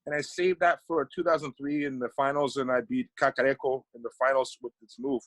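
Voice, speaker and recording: A man's voice: mid-range voice, steady tone, fairly quick, fairly bright tone, no echo, rough recording. A middle-aged man from Panama, a guest in a casual podcast interview, talking animatedly and often repeating words as he thinks.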